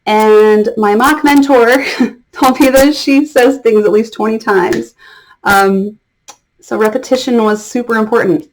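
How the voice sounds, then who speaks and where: A woman's voice: a little high, fairly even intonation, measured pace. A woman who teaches English online gives casual advice to other teachers in a friendly, chatty way. She stresses key words and often checks in with "okay?". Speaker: online ESL teacher and mentor.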